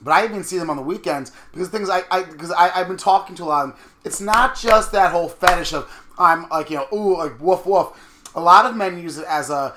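Male co-host, animated storyteller, quick and bright delivery. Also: high voice, a little hiss or hum. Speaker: podcast co-host. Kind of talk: casual chat.

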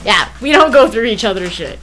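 A woman's voice: medium pitch, animated, a little fast, fairly bright tone, low-quality recording. A young woman co-hosting a podcast in casual chat, often laughing and chiming in with short replies. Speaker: podcast co-host.

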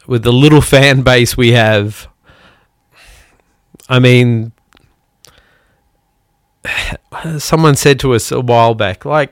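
A man's voice: mid-range voice, fairly even intonation, clear, resonant tone, no echo, clean studio sound. A musician hosting a podcast, a man from outside the United States, talking bluntly with lots of swearing and heavy sighs. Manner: blunt, swearing, sighing pauses. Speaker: podcast host. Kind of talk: angry podcast monologue.

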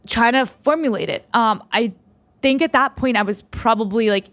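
A woman's voice: fairly high pitch, normal speed, a bit bright. A young woman hosting a podcast, telling a personal story in a rambling, heartfelt way with many restarts. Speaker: podcast host.

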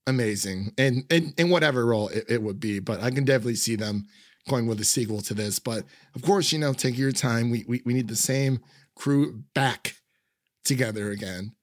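A man's voice: medium pitch, a little fast, no room sound, studio quality. A man chatting casually about a film, rambling with many fillers and frequent laughs. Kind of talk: casual film review chat.

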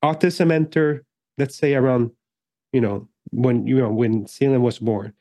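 A man hosts a podcast interview in a mellow, warm-toned voice, pausing and hedging as he builds his questions. His mid-range voice is recorded close and dry. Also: mid-range voice, steady tone, dry recording. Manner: measured, halting questions with fillers. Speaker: podcast host.

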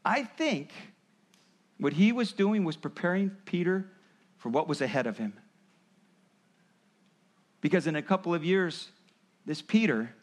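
A man preaching a sermon, explaining and acting out quoted voices as he goes. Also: fairly high pitch. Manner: animated, acts out voices of parents and Jesus. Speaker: pastor.

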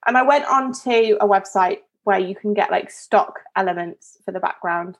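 A woman's voice: mid-range voice, normal speed, highs cut off. A woman co-hosting a podcast, telling a story in a chatty, rambling way with frequent laughs. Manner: chatty, rambling, self-interrupting, laughs often. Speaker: podcast co-host. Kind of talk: casual storytelling chat.

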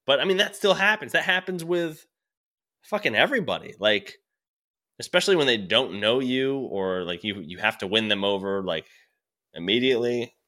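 A man's voice: medium pitch, expressive, normal speed, pushed and bright. A man, a stand-up comedian, talking in a casual podcast chat, rambling and swearing freely, with frequent restarts and laughs.

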